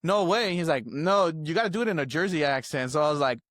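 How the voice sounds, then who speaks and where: A man's voice: fairly high pitch, animated, fast, a bit bright, no echo. A young man co-hosting a podcast, rambling through a story, laughing often and acting out quoted lines. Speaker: podcast co-host. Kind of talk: casual storytelling chat.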